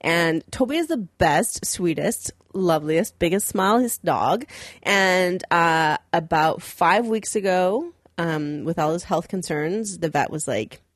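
A woman's voice: on the low side, expressive, slow pace, no room sound, studio quality. A woman co-hosting a casual podcast chat, rambling and trailing off, laughing often. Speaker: podcast co-host.

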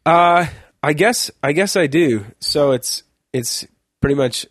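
A man's voice: fairly high pitch, expressive, takes it slowly, no room sound, studio quality. A young man chatting casually on a podcast, telling a long rambling story, laughing mid-sentence and swearing now and then.

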